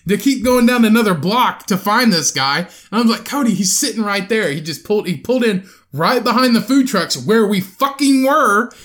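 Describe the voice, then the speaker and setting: A young man co-hosting a podcast, telling a profane, animated story in casual chat and acting out the quotes. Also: high voice, moderate pace, hardly any pauses. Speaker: podcast co-host.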